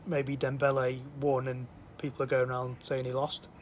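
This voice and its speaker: A man's voice: mid-range voice, completely flat delivery, moderate pace, slight background noise. An English man co-hosting a podcast, chatting casually and throwing in wry puns. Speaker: podcast co-host. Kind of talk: casual chat.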